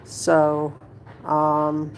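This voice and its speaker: At home, a woman vlogger tells her viewers a story to camera, blunt and rambling, swearing freely. She speaks very slowly in a low-pitched, completely flat voice, with slight background noise audible.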